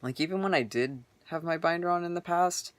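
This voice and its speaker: A man's voice: a little high, brisk, a bit bright, dry recording. A young man vlogging casually from his bedroom, rambling earnestly with lots of filler words. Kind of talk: casual personal vlog.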